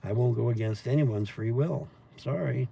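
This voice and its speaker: A man's voice: mid-range voice, moderate pace, vocal fry, dark tone, slight background noise. Profane rambling man. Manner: profane, meandering storytelling with laughs. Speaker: livestream host reading chat. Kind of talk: rambling casual livestream chat.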